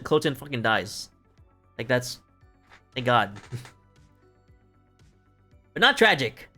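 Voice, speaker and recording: A man's voice: on the high side, bright, forceful tone. A man recapping a play on a live stream in casual talk, rambling and profane and laughing often.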